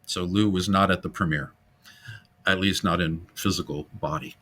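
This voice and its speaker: A man hosting a casual film-history podcast, animated and jokey, now and then breaking into silly voices. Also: low-pitched, moderate pace, slight background noise. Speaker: podcast host.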